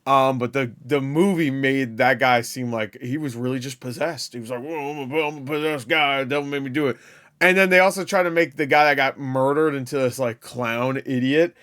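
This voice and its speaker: A man's voice: mid-range voice, normal speed, a bit bright. Rambling, swearing movie reaction guy. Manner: rambling, profane, laughing asides. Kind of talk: casual reaction commentary.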